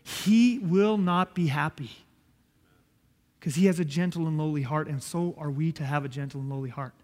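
Male pastor, high voice, earnest sermon delivery, long church-hall echo. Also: moderate pace. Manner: earnest, emphatic, swings from loud to soft.

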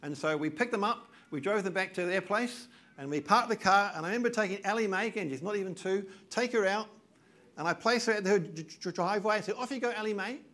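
Older male pastor, high voice, emphatic sermon delivery. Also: a little fast, fairly bright tone. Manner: earnest, emphatic preaching with repeated phrases.

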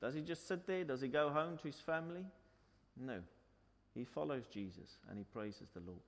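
Preacher in a reverberant hall. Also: male voice, medium pitch, normal speed. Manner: storytelling, asks questions, repeats points in two languages. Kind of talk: bilingual sermon.

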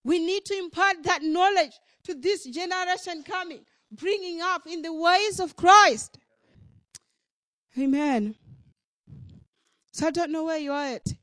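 High-voiced woman preaching emphatically. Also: a little slow, long pauses, fairly bright tone. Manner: emphatic, rising and falling preaching with many repeated phrases. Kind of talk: sermon. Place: church service.

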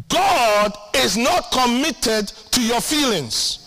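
A man preaching a sermon as pastor, emphatic and animated, repeating key lines and acting out his own prayers with humor. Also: extremely high pitch, moderate pace.

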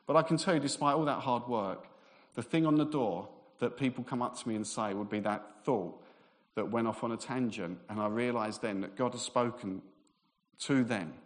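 A man preaching a sermon, fast and excitable, with self-deprecating humor. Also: medium pitch.

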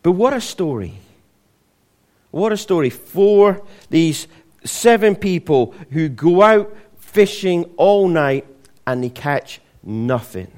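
A man's voice: on the high side, big pitch swings, slow, darkish tone. Chatty man preaching with humour. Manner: conversational, humorous storytelling with many restarts. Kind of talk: sermon.

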